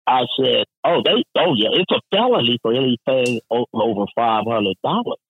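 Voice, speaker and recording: Profane animated male storyteller, husky. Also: mid-range voice, normal speed, narrow, tinny audio. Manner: profane, animated, acts out quoted voices. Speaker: union representative telling a story. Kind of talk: casual storytelling.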